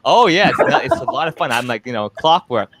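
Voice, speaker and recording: A man's voice: medium pitch, brisk, noisy background. A man from Hong Kong, a stand-up comedian, chatting casually in an interview and acting out voices in his stories. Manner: animated storyteller, acts out quoted voices.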